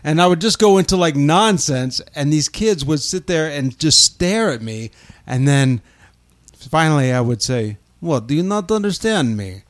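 A man's voice: fairly high pitch, measured pace, no room sound. A man hosting a podcast in casual chat, playful and jokey, now and then slipping into silly voices. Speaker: podcast host.

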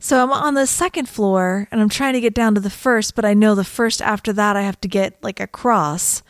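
A woman's voice: medium pitch, brisk, no room sound, studio quality. A middle-aged woman co-hosting a podcast, chatting with a wry, observant manner. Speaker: podcast co-host. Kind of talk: casual chat.

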